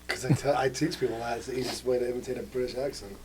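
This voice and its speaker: A man of middle pitch hosting a casual podcast, talking bluntly with plenty of swearing and jokes. A faint noise hum sits under his voice. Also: rapid-fire, darkish tone. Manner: blunt, profane and joking. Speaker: podcast host. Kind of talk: casual chat.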